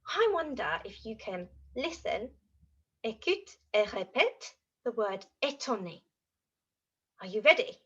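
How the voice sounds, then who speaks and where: A woman teaching French to young children in an animated, exaggerated way, acting out feelings as she goes. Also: fairly high pitch, a little slow, breathy edge, lo-fi sound. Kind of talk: children's language lesson.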